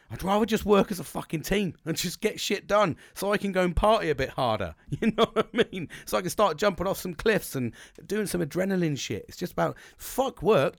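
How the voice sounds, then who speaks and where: A man's voice: mid-range voice, gravelly, no room sound, studio quality. A middle-aged man, ranting in a sweary, rambling monologue with bursts of laughter. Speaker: podcast host.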